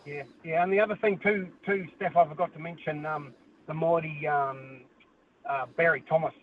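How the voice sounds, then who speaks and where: A man's voice: fairly high pitch, fairly even intonation, normal speed. Kiwi male caller, keen and matey, heard over a thin phone line with light noise. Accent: New Zealand. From New Zealand. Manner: says mate constantly, restarts a lot. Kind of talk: casual phone-in chat. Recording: tinny phone line with hiss.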